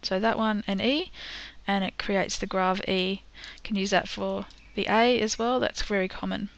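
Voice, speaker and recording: A woman teaching a screen-recorded software tutorial, patient and step by step, with frequent ums. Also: mid-range voice, steady tone, moderate pace, highs cut off.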